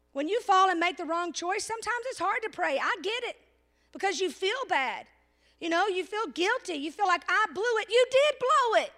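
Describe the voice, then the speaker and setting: A woman preacher delivering an animated sermon, asking the congregation rhetorical questions and slowing down to stress key words, with casual asides. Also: very high-pitched.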